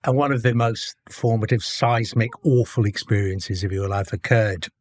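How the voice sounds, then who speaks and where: A man hosting an interview, gently prompting his guest with questions and brief acknowledgements. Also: fairly low pitch, steady tone, moderate pace, no echo, clean studio sound. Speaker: interview host. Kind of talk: conversational interview.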